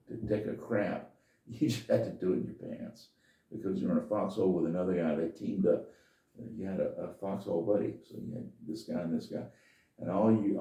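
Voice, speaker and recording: A man's voice: sits low, vocal fry, warm tone. An older man telling a personal story in a folksy, meandering, plain-spoken way as a podcast host. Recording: echoey room, distant from mic.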